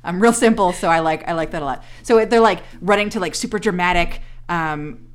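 A woman's voice: on the low side, fairly quick. A woman co-hosting a podcast, recapping a TV episode in casual, sarcastic chat, swearing and acting out the characters' lines. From Canada. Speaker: podcast co-host.

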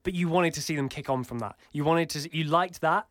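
A British man co-hosting a football podcast, chatting casually with animated, jokey energy. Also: a little high, fairly quick, no echo. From United Kingdom. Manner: animated, jokey, sings chants. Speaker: podcast co-host. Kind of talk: casual sports chat.

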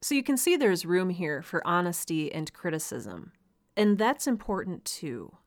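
A woman's voice: fairly low pitch, sing-song, measured pace. A woman hosting a solo podcast for writers, talking in an earnest, encouraging way with a light laugh now and then. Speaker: podcast host.

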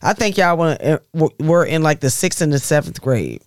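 A middle-aged woman, a mother, telling family stories in a casual, animated way, swearing freely and laughing as she goes. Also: low-pitched, normal speed, dry recording, studio quality. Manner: animated, profane storytelling with laughs. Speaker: mother of the guests, podcast guest.

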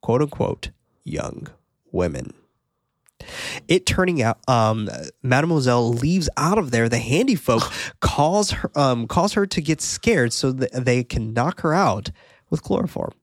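Man, podcast co-host, casual film recap, laughs and swears, middle pitch, dry sound. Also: sing-song, a little slow, no room sound. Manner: recaps plot loosely, swears, laughs often.

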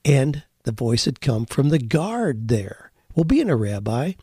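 Folksy, encouraging older man, mellow tone. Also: medium pitch, sing-song, a little slow, husky, no echo, studio quality. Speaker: podcast host answering listener questions. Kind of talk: conversational advice with storytelling.

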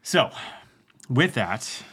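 A man co-hosting a casual podcast, slowing down to stress scripture quotes and rambling easily in between. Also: mid-range voice, husky. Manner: slow, emphatic when quoting scripture; relaxed, rambling. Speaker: podcast co-host.

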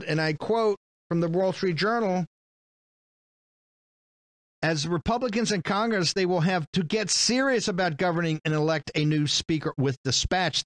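A man's voice: fairly high pitch, dry recording. Combative man hosting a political show. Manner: combative, sarcastic, repeats phrases. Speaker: political talk show host. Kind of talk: fiery political monologue.

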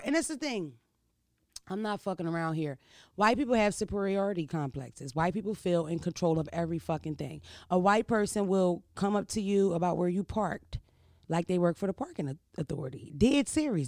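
A man spins a profane comic story with a rough, gravelly edge to his voice. He keeps turning to the listener with quick rhetorical asides. The sound is dry and close, with no room around it. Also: high voice, no room sound. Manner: animated, crude, full of rhetorical asides. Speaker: comedian.

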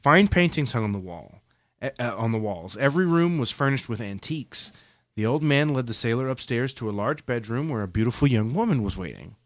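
Animated man reading a story aloud. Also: mid-range voice, a little fast, dry recording. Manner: reads aloud with playful quoted voices and asides. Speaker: podcast co-host. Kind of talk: casual chat and story reading.

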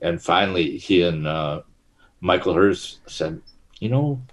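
A man's voice: deep voice, fairly even intonation, a little slow. A middle-aged man, a guest in an interview, telling stories in a rambling way with many fillers and restarts. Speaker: actor and guest. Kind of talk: casual interview chat.

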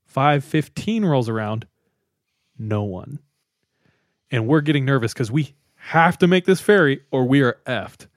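A young man hosting a podcast, telling a travel story in a casual, animated way, laughing often and acting out the people in it. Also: mid-range voice, unhurried, no echo, clean studio sound. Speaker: podcast host. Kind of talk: casual storytelling among friends.

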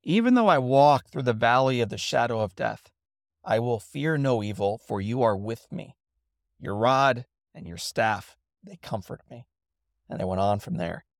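A middle-aged man hosting a reflective spoken essay, telling a story in an earnest, measured way and reading passages reverently into a studio microphone. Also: mid-range voice, expressive, no room sound. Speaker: host and motivational speaker.

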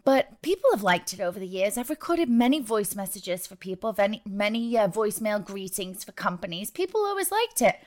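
A woman with a northern English accent that has picked up New York and New Jersey sounds co-hosts a casual podcast. She chats in an upbeat way and pokes fun at herself. Her voice sits at an ordinary middle pitch. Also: very animated, a little fast, hardly any pauses. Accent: northern English, mixed with New York and New Jersey. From north of England. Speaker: podcast co-host.

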